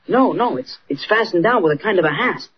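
Actor as excitable young male reporter, old radio play, dull sound. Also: mid-range voice, fairly quick, slight background noise, natural voice. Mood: eager. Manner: eager, excitable. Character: Jimmy Olsen, eager young male reporter. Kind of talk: 1940s radio acting.

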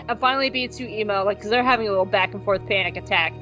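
A young adult woman co-hosting a podcast, recapping an episode in a casual, joking way and acting out characters in quick voices. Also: on the high side, pushed and bright, highs cut off, soft background music. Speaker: podcast co-host.

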